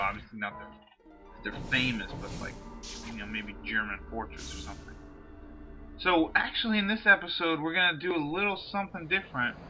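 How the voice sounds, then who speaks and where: A man's voice: medium pitch, sharp tone, low-quality recording. A man hosting a gameplay video in casual commentary, rambling and drifting off topic. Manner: rambling, digressive, chatty. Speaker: let's play host.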